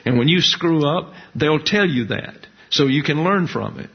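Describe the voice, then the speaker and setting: A man, preaching a sermon in a measured, folksy teaching manner with colloquial asides. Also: fairly high pitch, lively intonation. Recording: dull lo-fi recording.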